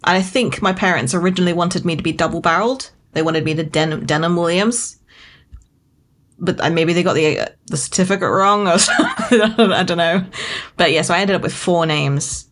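A woman's voice: on the low side, brisk, fairly bright tone. A British woman co-hosting a casual book podcast, giggly and playfully dramatic as she chats. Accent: British English. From Britain. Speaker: podcast co-host.

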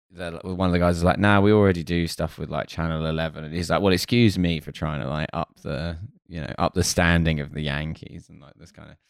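A man's voice: deep voice, clean tone, no room sound, clean studio sound. A man co-hosting a casual chat about a sitcom, joking and trailing off into fillers. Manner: joking, trails off with fillers, puts on silly voices. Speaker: podcast co-host.

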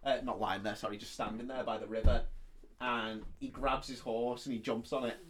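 A man's voice: mid-range voice, fairly even intonation, normal speed, a bit bright, slightly rough. Man rambling through a film plot. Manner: rambling, sweary, acts out characters' lines. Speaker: podcast co-host. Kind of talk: casual chat retelling a film plot.

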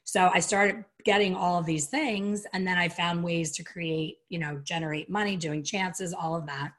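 A woman's voice: lowish voice, moderate pace. A middle-aged woman, an interview guest, telling a personal story with candor and acting out the voices she quotes. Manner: animated, candid, acts out quoted voices.

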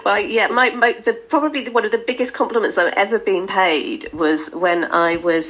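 A woman guest with a low, gravelly voice and a slightly husky edge. She talks in a relaxed conversational way, pausing often with fillers as she thinks. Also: poor audio. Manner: hesitant, many fillers. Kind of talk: casual conversation.

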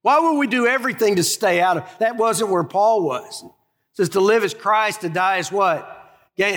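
A high-voiced male pastor delivering a sermon in a hall with a long echo. He preaches with emphasis, drawing out key phrases and then rushing through light asides. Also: fairly bright tone. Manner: emphatic, storytelling preacher, shifts between slow stress and quick asides.

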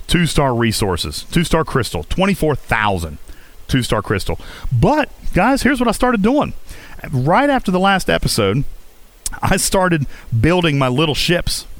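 A man from West Virginia with a faint Appalachian accent, hosting a casual gaming livestream, chatty and reading chat aloud. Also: no room sound. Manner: chatty, reads chat aloud, lively jumps in pitch. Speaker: livestream host.

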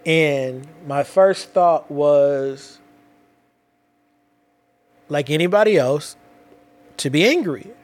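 Animated slangy man telling a story. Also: a little high, extremely slow, long pauses. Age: adult with children. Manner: animated, slangy, repeats himself and restarts. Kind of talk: casual personal storytelling.

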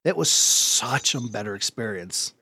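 A man hosting a podcast, telling a story in lively casual chat, laughing often and swearing now and then. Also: lowish voice, measured pace, slightly rough, no room sound. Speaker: podcast host.

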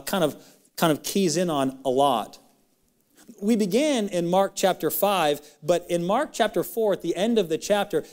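Impassioned male preacher, higher voice. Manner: impassioned, pitch climbing sharply on emphatic questions; reads old-style scripture in a quick, steady run. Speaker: pastor. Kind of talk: sermon with scripture reading.

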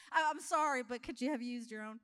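High-voiced, animated woman preacher. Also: moderate pace, clear, resonant tone. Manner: animated storytelling, laughing often, conversational. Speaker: guest preacher. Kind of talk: humorous sermon.

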